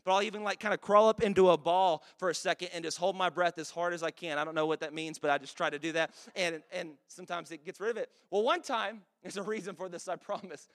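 A man's voice: high voice, fairly even intonation, fast, hardly any pauses, fairly bright tone. A man in his thirties preaching a sermon as pastor, casual and conversational with joking asides.

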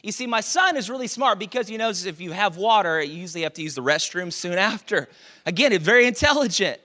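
Bright, high-voiced man preaching. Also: expressive, quick pace. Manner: conversational and joking, with rhetorical questions to the congregation. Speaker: pastor. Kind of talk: sermon.

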